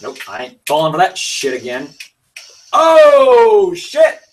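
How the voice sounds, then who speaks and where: A man livestreaming a fighting game, swearing and yelling outbursts between muttered comments. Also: medium pitch, a little fast, distant mic.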